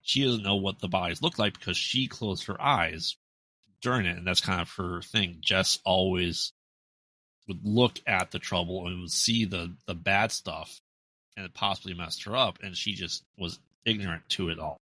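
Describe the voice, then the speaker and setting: An American man with a deep, bright-edged voice rambles through a movie recap on a podcast, full of fillers and restarts. The recording is dry and close, with no room sound. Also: normal speed, no room sound. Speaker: podcast co-host. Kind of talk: casual movie recap chat.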